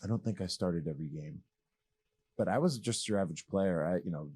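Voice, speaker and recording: Guy in his 30s from massachusetts, kinda low voice, rambly and candid, cracking jokes. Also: brisk, husky. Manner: animated, rambling, joking, candid. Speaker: guest, former pro basketball player. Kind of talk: casual storytelling interview.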